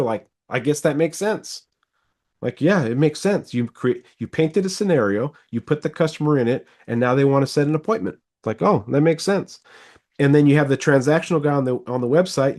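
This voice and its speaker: A middle-aged man coaching a car salesman over a video call in a casual, animated way. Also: medium pitch. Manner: animated, rambling, quick bursts. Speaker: sales trainer, podcast host.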